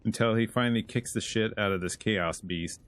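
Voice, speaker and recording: A man hosting a casual comic book review, retelling the story in an animated way and chuckling as he goes. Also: fairly low pitch, normal speed. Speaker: host.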